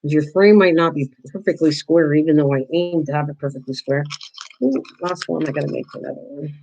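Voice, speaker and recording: A woman's voice: deep voice, fairly quick, a little mellow, highs cut off. An older woman talks through a livestream as she crafts. She chats easily with her viewers and calls them by name. Her sentences often stop and start over. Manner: chatty, answers viewers by name, frequent restarts. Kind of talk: casual livestream chat while crafting.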